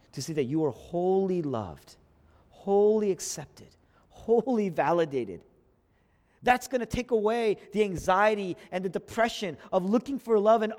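Impassioned preacher man in a reverberant hall. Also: fairly high pitch. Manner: dramatic swings from loud emphatic peaks to near-whispered drops. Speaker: pastor. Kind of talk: sermon.

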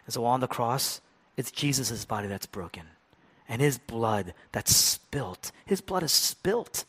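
A man preaching a sermon with a rhetorical, repetitive cadence. He drops to hushed, near-whispered lines, then builds to loud, impassioned passages. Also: medium pitch, sing-song, a little slow, breathy edge. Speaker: pastor.

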